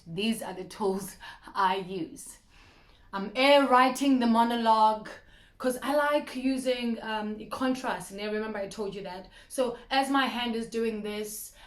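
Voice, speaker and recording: A woman in her thirties, an acting coach talking to camera in a lively, explanatory way. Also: medium pitch. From South Africa. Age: 30s. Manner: lively and explanatory, addressing viewers directly. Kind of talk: talk to camera in an acting masterclass. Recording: roomy echo.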